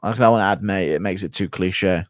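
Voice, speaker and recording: A man's voice: sits low, a little fast, no room sound, clean studio sound, close to an everyday voice. A man impersonating an Australian fighter in an offhand, drawling way, with an Australian accent. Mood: dismissive.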